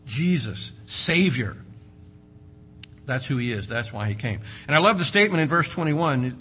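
A man preaching a sermon, slowing and swelling for emphasis and telling folksy family stories. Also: medium pitch, lively intonation, bright, forceful tone, slightly rough. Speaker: pastor.

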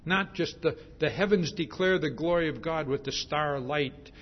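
A man's voice: on the high side, moderate pace, a little hiss or hum. A male preacher giving a sermon, emphatic and repetitive, stressing his points with a repeated "see?". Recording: dull lo-fi sermon recording.

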